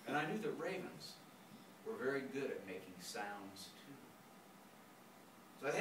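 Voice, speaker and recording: A man tells a story live in a lecture room, with an animated delivery full of sound imitations. His pitch is lively and expressive. The voice comes from a distance through a roomy, echoing space with clear noise in the background. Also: moderate pace, pauses often.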